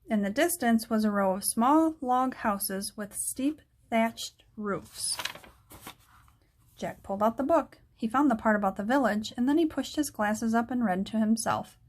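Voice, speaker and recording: A woman narrating a children's book aloud in a steady storytelling manner. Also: fairly high pitch, measured pace.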